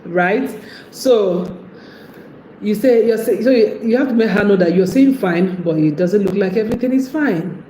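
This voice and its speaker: A woman's voice: medium pitch, normal speed, dark tone. A woman giving casual relationship advice, chatty and laughing often as she acts out what a partner might say. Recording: echoey room with faint background noise.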